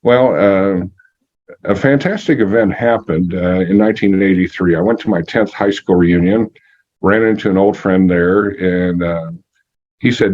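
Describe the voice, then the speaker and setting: A man in his sixties telling a story from his life as an interview guest, halting with many fillers and matter-of-fact. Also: deep voice, darkish tone. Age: 60s. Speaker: energy healer guest. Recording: muffled lo-fi audio.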